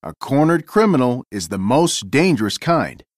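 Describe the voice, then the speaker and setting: A man voicing a calm, polished male spy car in a storybook reading, measured and composed. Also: mid-range voice, dry recording, clean studio sound.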